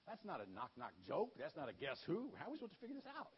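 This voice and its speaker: A man voicing a band of rowdy young men who mutter and grumble, husky, on a dull recording. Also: a little high, wildly swooping pitch, fairly quick, full character voice. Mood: grumbling.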